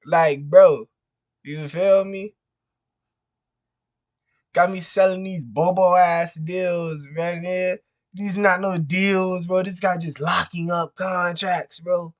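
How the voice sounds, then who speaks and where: A man vlogging about his real estate deals, speaking slowly and unhurriedly. He talks in loose, profane slang, circling back over the same complaints and tagging "bro" onto each line. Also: high voice, fairly even intonation. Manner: frustrated, repetitive, peppers every phrase with "bro". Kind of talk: casual profane venting to camera.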